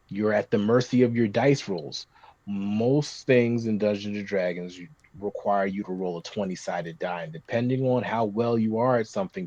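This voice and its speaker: A man chatting casually on a podcast, rambling with many restarts and getting animated when describing scenes. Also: lowish voice, dry recording. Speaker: podcast guest talking tabletop games. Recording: dry, slightly muffled podcast recording.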